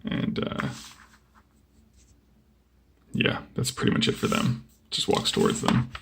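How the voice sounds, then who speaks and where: A young man casually flipping through a comic book and chatting about each page, relaxed and rambling with lots of fillers. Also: slow pace, a little hiss or hum. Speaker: comic book video host.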